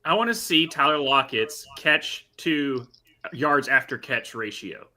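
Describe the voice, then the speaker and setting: A man's voice: medium pitch, animated, measured pace, bright, forceful tone. A man co-hosting a podcast, talking casually about football with skeptical, wry remarks. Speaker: podcast co-host. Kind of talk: casual sports podcast chat.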